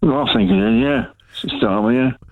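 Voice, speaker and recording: A man's voice: mid-range voice, wildly swooping pitch, normal speed, gravelly, no room sound. A man calling a radio phone-in, giving short agreeable answers with tag questions. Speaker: caller. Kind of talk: casual phone-in chat. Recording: phone line into radio show.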